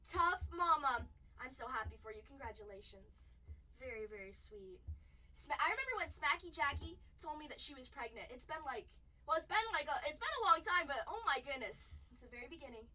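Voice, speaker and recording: A woman hosting a live-stream trading card break, chatting excitedly with viewers and reading their messages aloud. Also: high voice, brisk, recorded from a distance, rough recording.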